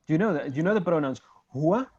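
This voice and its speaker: A man's voice: fairly high pitch, expressive, rapid-fire, a little mellow, slightly rough, dry recording. A man teaching an online Arabic class, explaining step by step and checking that his students follow. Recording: dull, lo-fi video call audio.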